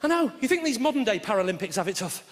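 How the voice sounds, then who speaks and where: A middle-aged man doing a brash, sweary live stand-up routine, shouting his punchlines. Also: high-pitched, very animated, rapid-fire. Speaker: stand-up comedian. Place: large theatre with audience. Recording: reverberant live hall with audience noise.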